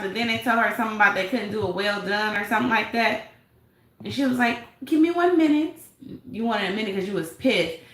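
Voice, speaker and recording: A woman's voice: mid-range voice, fairly bright tone, echoey room, low-quality recording. Sassy woman gossiping on a live stream. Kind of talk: casual live chat commentary.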